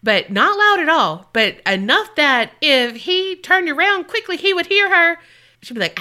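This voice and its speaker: A woman's voice: high-pitched, big pitch swings, normal speed, sharp tone. A woman co-hosting a podcast, bantering playfully in casual chat. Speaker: podcast co-host.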